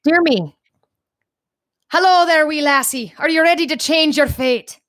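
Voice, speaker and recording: A woman's voice: sits high, measured pace, a bit bright, dry recording, clean studio sound, voice pushed up. A woman putting on an aggressive Scottish accent as a fortune-telling figure. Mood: theatrical. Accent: put-on Scottish.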